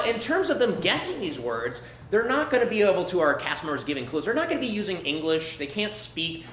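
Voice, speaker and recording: Lively man hosting a live comedy show. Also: sits high. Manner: upbeat, loud crowd-warming calls. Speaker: host of improv show. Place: theatre stage with live audience. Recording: echoey room, noisy audience.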